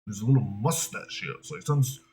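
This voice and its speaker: A man's voice: fairly low pitch, fairly quick, a little mellow. A young male voice actor chatting casually in a rambling, hesitant way, full of fillers. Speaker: voice actor, video creator. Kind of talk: casual chat.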